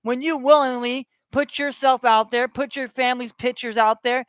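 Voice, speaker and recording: A man's voice: very high voice, steady tone, normal speed, fairly bright tone, smooth, no echo. A man delivering a heated, profane rant to his online audience, repeating himself as he builds his tirade. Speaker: online ranter.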